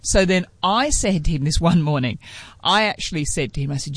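A woman's voice: deep voice, expressive, fairly quick, no echo. A woman with an Australian accent, hosting a casual radio chat and telling a playful story. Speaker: radio host. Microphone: studio microphone.

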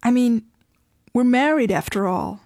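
A woman reading aloud as a pouting husband who whines and pleads, his voice pitched a little high and lifted in protest. The reading is close and dry, with no room around it. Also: expressive, a little slow, darkish tone, no echo. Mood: pleading. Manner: pleading, insistent. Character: whiny pouting married man, self-pitying.

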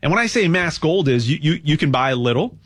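A man hosting a show, talking in a rambling, impassioned monologue with a sales pitch and lots of stammered restarts. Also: expressive, fast talker, a bit bright, slightly rough. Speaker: radio show host.

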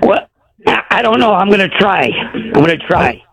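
A man's voice: high voice, animated, moderate pace, creaky, fairly bright tone, poor audio. Man calling a radio show. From Chicago. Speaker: caller. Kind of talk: phone-in call.

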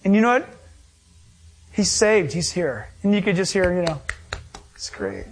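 A middle-aged male pastor preaching a sermon, emphatic and animated, acting out quoted voices. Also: high voice, moderate pace, slight background noise.

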